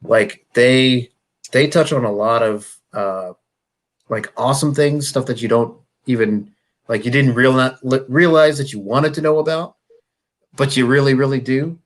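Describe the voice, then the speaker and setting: A man's voice: medium pitch, measured pace. Chill guy hosting, lots of um and like, casual chat. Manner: easygoing, full of fillers like "like" and "um". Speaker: host.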